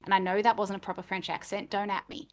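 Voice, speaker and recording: A woman with a mid-range voice talks fast and flatly, chatting casually as a game master and co-host. She's chatty and self-deprecating, and she laughs easily.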